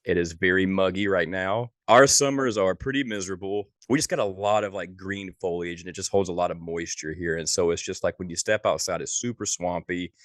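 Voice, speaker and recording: A man from North Carolina, a podcast guest, chatting in a relaxed, easygoing way. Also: low voice, a little fast, hardly any pauses, dry recording, clean studio sound. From North Carolina, USA. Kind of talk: casual chat.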